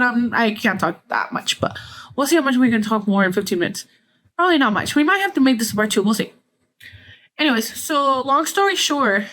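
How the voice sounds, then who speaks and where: A woman's voice: high-pitched, fairly bright tone. A woman with a Mexican-American accent hosting a podcast, telling gossipy stories in casual chat, blunt, sarcastic and full of swearing. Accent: Mexican-American English with Spanish phrases. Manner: candid, profane, gossipy, sarcastic. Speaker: podcast host.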